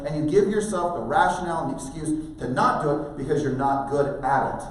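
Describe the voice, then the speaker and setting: A man's voice: a little high, a little fast, few pauses. Man giving a motivational talk in an echoey hall. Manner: animated storytelling, acting out quoted dialogue. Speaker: motivational speaker at a real estate training event. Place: large conference room. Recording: very echoey hall, distant, faint hiss.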